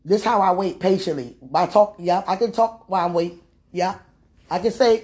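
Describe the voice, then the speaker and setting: In a fairly low, darkish voice and at a brisk pace, a woman chats casually and prays aloud, repeating phrases and laughing often. She mentions having heartburn and being hungry. It's an informal spoken monologue blended with prayer.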